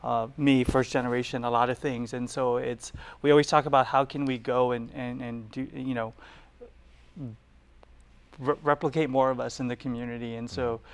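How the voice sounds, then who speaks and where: A young man answering interview questions in a TV studio, halting and restarting as he talks. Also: medium pitch, level tone, clear, resonant tone. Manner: halting, laughs at himself. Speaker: guest, political candidate.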